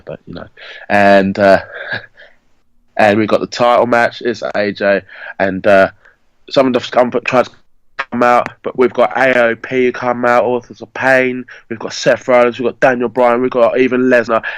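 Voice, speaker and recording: A podcast host chats casually in a smooth, medium-pitched voice, rambling through a fantasy-booking story and correcting himself as he goes. The recording has no echo but is low quality.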